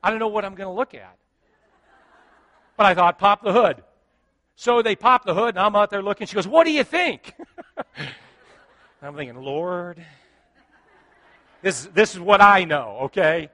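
A middle-aged male pastor telling a story in a sermon, animated and joking, acting out what people said. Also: sits high, a little slow, long pauses. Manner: animated, joking, acts out quotes.

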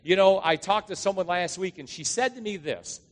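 Speaking at a moderate pace in a high voice, a pastor tells stories to his church congregation in a conversational sermon with emphatic rises. The sound is that of a big room.

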